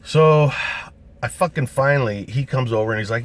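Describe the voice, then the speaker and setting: A man's voice: medium pitch, brisk, a little hiss or hum. A man casually telling a true story of his own, swearing constantly and acting out what other people said. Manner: animated, acts out quotes of other people.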